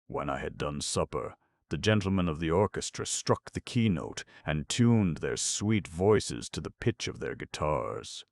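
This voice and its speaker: A man narrating a classic novel as an audiobook in a measured, expressive storytelling manner. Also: rumbling low, vocal fry, no echo, studio quality.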